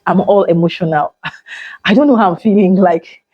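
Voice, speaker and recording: A woman, chatting excitedly and emotionally to her viewers in a vlog. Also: fairly low pitch, normal speed, no echo, lo-fi sound. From Nigeria. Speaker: vlogger. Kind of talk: casual vlog chat.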